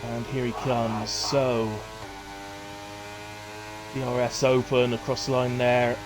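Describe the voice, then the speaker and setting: Middle-aged male stream host, casual and rambling, self-deprecating, plenty of ums, mid pitch. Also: flat delivery, slow, music in the background. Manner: rambling and self-deprecating, with many fillers and restarts. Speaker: live-stream host of a racing league. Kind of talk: casual live-stream commentary.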